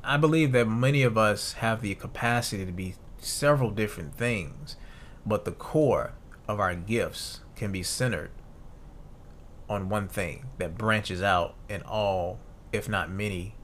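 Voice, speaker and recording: A man's voice: lowish voice, a bit bright, slight background noise. A man in his thirties hosting a solo podcast, reading notes aloud and musing casually, with fillers and restarts. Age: 30s. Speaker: podcast host.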